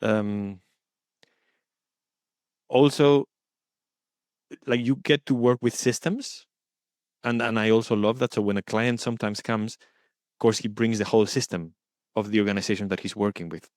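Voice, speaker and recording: A man speaking as the guest in an interview, earnest and thoughtful, often pausing to search for his words. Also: fairly low pitch, steady tone, darkish tone, no echo, studio quality. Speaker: guest coaching supervisor. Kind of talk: reflective interview talk.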